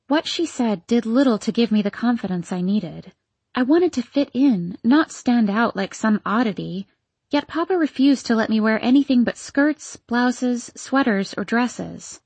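Woman narrator, audiobook reading, husky voice, dry close sound. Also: on the high side, lively intonation, a little slow, a little mellow, no echo. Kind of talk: scripted narration.

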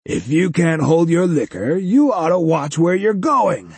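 A man voicing a jolly, enormous male cyborg bully in an audiobook, booming and mocking. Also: big pitch swings, measured pace, vocal fry, a little mellow, husky, no echo, exaggerated voice. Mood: jovial mocking.

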